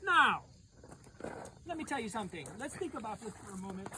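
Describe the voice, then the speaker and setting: A woman youth pastor acting out a Bible story in the first person, animated and playful, talking straight to her audience. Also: fairly high pitch, fairly quick, noisy background.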